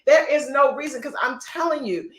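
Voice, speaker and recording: A middle-aged woman who coaches in real estate delivers a motivational talk on a live stream, her high voice moving at a moderate pace. She is emphatic, preachy, folksy and repetitive, and the room around her echoes.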